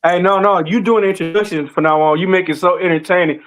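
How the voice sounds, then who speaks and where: A man with a fairly high voice hosts a casual podcast. He is upbeat and talks his co-hosts up warmly. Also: steady tone, quick pace. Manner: upbeat, hyping up guests. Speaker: podcast host.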